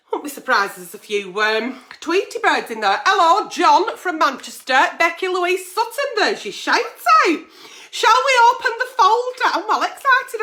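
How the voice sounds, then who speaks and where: A woman's voice: fairly high pitch, bright, forceful tone. A middle-aged woman hosting a live-stream advice show, chatty and swearing freely as she reads out viewer comments and letters. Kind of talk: live-stream agony aunt chat.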